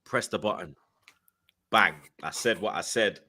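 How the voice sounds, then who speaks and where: A man's voice: fairly low pitch, unhurried. A young man telling a story in street slang and acting out what people said. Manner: London slang, acts out quoted lines, excitable. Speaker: podcast guest. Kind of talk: animated storytelling.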